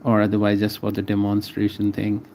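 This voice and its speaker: A man's voice: on the low side, monotone, fairly quick, darkish tone, slight background noise. A man casually talking through a live drawing session, naming each stroke as he draws and chatting with viewers. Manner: chats with viewers between strokes. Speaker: artist streaming a drawing session.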